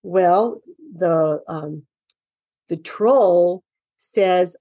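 A woman's voice: mid-range voice, animated, slow pace, a little mellow, no echo. A woman in her fifties, a parent, walks through a children's reading workbook in an enthusiastic, encouraging lesson. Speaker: parent teaching early reading.

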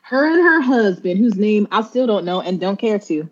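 A woman co-hosting a podcast in casual chat, wry and quick to laugh as she tells stories. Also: medium pitch, expressive, dull audio. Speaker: podcast co-host.

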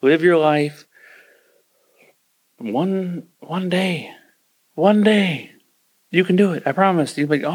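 A man's voice: fairly high pitch, a little slow. A man hosting a podcast, ranting casually and acting out quoted voices as he gives advice. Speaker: podcast host.

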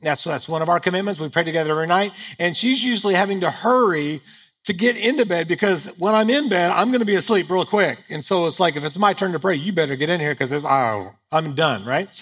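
His voice sits fairly high with a slightly bright quality as he preaches to a live audience from the stage. The pastor's delivery is funny, conversational, and self-deprecating.

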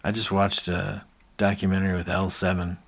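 A man's voice: deep voice, monotone, moderate pace, gravelly, fairly bright tone. A man co-hosting a podcast, retelling scenes in casual chat and acting out the characters' lines between laughs. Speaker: podcast co-host.

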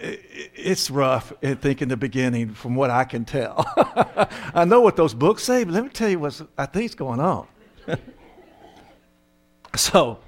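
An older man who works as a counselor, telling humorous, self-mocking stories and acting out the voices of the people in them. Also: a little high. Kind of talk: humorous storytelling talk.

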